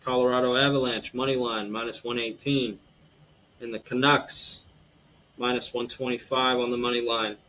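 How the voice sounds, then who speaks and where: A man's voice: medium pitch, level tone, moderate pace, pushed and bright, low-quality recording. Male podcast host, mid-range voice, casual and meandering, filler-heavy, faint room hiss. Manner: rambling, filler-heavy, says "eh". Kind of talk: casual sports betting talk.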